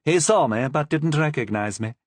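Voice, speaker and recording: A man's voice: fairly high pitch, animated, moderate pace, no echo, voice pushed up, close to an everyday voice. A man voicing a sly, deferential male Capuchin friar in a storybook reading, talking eagerly.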